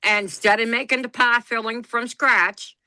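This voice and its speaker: A woman's voice: on the high side, steady tone, normal speed, bright, forceful tone, dry recording. Folksy woman telling a funny story. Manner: folksy, blunt, laughs through her stories. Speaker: podcast co-host. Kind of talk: casual storytelling chat.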